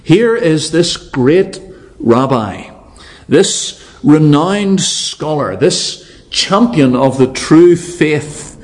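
A man's voice: on the high side, animated, very slow, a little mellow. A man preaching an evening sermon, emphatic and fond of rhetorical repetition.

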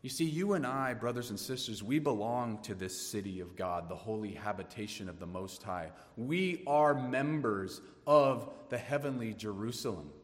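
A man preaching a sermon, swinging from hushed tones to emphatic rises. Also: on the low side, expressive, normal speed, hardly any pauses, in a large hall. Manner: dynamic preaching, dropping to hushed tones then rising emphatically. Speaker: pastor.

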